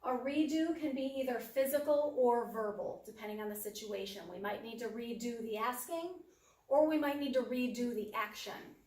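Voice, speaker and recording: A woman presents a parenting workshop in a practical, down-to-earth way and briefly acts out the parent's side of each example. Her voice sits a little high for a woman. She sounds distant from the mic, and the room echoes noticeably. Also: normal speed, a little mellow.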